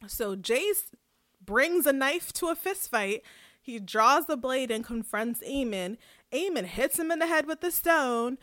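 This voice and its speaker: Bright, animated woman recapping a show. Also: high voice, measured pace, no room sound, clean studio sound. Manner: animated storytelling, laughs often. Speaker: podcast co-host. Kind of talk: casual TV episode recap.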